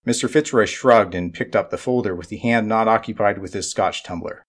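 A man narrating an audiobook in a measured, dry way. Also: lowish voice.

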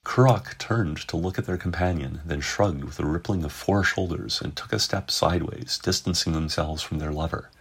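A man narrating a science fiction story in measured, dramatic storytelling. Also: low voice, husky. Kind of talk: scripted narration.

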